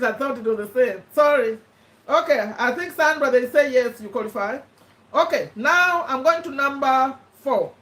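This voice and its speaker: A high-pitched woman hosts a casual live-stream quiz, reading out viewers' names and ruling on their answers. Her voice sits away from the mic. It carries a roomy echo. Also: fairly bright tone, far from the mic. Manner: chatty, reads out viewer names and answers, checks and rules on them. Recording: echoey room, voice away from the mic.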